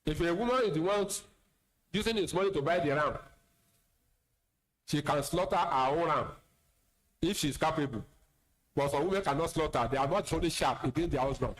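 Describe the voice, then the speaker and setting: Higher-voiced Nigerian imam preaching. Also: male voice, brisk, pauses often, rough recording. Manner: plain-spoken, teasing asides, repeats words. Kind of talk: sermon lecture.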